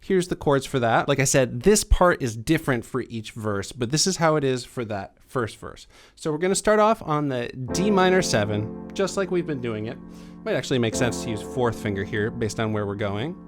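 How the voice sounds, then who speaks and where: A young adult man teaching a piano lesson, explaining chords in a relaxed way and counting beats aloud. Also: medium pitch, moderate pace. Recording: piano playing under the voice. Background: piano playing.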